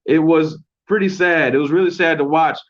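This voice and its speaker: A man's voice: a little high, fairly even intonation, normal speed. A young man hosting a casual solo recap show at home, rambling and swearing in a laid-back way. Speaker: podcast host. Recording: dull lo-fi home recording.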